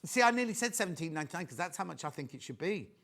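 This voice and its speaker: A man selling on live TV in a fairly high voice that swoops up and down as he talks. He is chatty and excitable, and he keeps throwing quick asides to viewers and crew between sales pitches. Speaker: shopping channel presenter.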